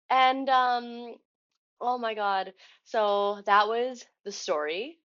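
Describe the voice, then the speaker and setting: A young woman vlogging, telling a story in a chatty, animated way and acting out the dialogue. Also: on the high side, extremely slow, lo-fi sound. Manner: chatty, animated retelling with quoted dialogue and laughs. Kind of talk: casual storytelling vlog.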